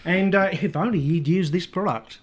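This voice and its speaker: A man putting on a very bad, exaggerated Australian accent as a chummy bloke pitching a product in an advert. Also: moderate pace, noisy background, lightly acted. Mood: hearty. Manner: loud, chummy, exaggerated slang.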